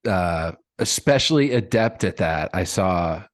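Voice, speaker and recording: Deep-voiced relaxed male host. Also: measured pace, dry recording, studio quality. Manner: relaxed, laughs often, tells anecdotes. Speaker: podcast host. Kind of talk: casual podcast chat.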